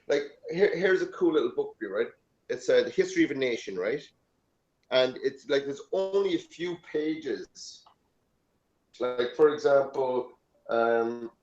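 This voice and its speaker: A man hosting a casual chat, rambling and animated, swearing freely. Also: medium pitch. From Ireland. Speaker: host. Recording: roomy, dull lo-fi sound.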